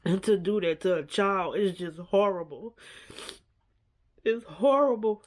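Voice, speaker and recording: A woman's voice: medium pitch, a little slow, long pauses. A woman vlogger giving a casual, earnest reaction to a documentary. She repeats herself often and leans on "like" and "you know.".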